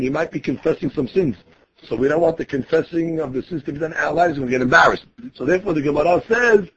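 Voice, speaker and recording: A man's voice: a little high, muffled recording, slight background noise. A man teaching a daily Talmud class in a conversational way, explaining the text phrase by phrase and restarting sentences as he goes.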